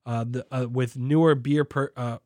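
A young man's mid-range, slightly mellow voice, fairly even in intonation and at normal speed, carries his casual beer podcast. The studio-quality recording has no echo, and he rambles, mocks himself, and restarts often amid plenty of fillers.

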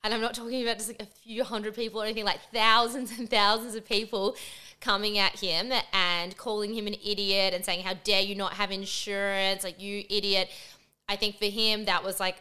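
A woman's voice: mid-range voice, steady tone, brisk, sharp tone, smooth. A woman in her twenties with an Australian accent, telling a personal story to camera in a chatty way, her phrase ends curving upward in a sing-song lilt. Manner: chatty, lots of "like" fillers. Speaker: vlogger.

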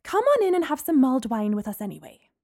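A woman's voice: high-pitched, very animated, exaggerated voice. A woman doing a fussing, caring young woman. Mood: concerned. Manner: concerned, warm-hearted, quick.

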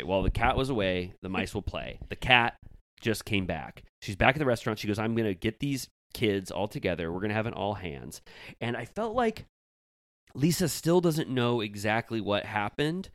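A man co-hosting a casual recap podcast, with a lively voice that swings up and down as he acts out what the cast said. He laughs often. The sound is dry and close to the mic. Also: lowish voice, no room sound. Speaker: podcast co-host.

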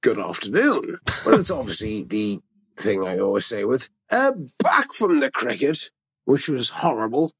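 A man's voice: medium pitch, sing-song, normal speed, fairly bright tone, slightly rough, no echo, highs cut off. An English man rambling in a hesitant voicemail. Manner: rambling and hesitant, tipsy-sounding. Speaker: voicemail caller.

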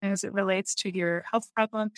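A woman's voice: mid-range voice, steady tone, moderate pace, dry recording. A woman speaking candidly in a casual conversation, often laughing as she talks. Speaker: guest.

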